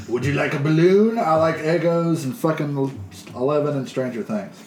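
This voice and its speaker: A man's voice: on the high side, moderate pace. A man hosting a loose comedy podcast, crude and full of swearing as he riffs with friends around him. The room rings with echo, and a faint hiss sits under his voice. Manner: crude, joking, profane. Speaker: podcast host. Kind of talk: casual comedic chat. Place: room shared with several co-hosts.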